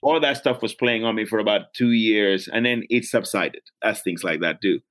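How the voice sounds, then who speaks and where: Male actor from Gambia, low-ish voice, blunt and earnest, candid interview guest. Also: normal speed, a bit bright. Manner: blunt, earnest, self-reflective. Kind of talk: candid reflective interview talk.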